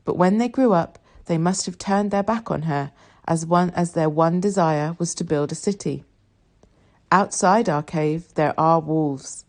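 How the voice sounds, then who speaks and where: A woman reading a novel aloud in the first person, soft and reflective. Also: fairly low pitch, unhurried. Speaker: audiobook reader.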